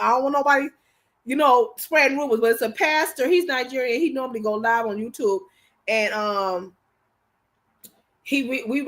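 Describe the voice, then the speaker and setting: A woman's voice: a little high, a bit bright. A middle-aged woman co-hosting a podcast, chatting casually and animatedly, with frequent restarts and "you know what I'm saying". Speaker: podcast co-host. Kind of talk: casual chat.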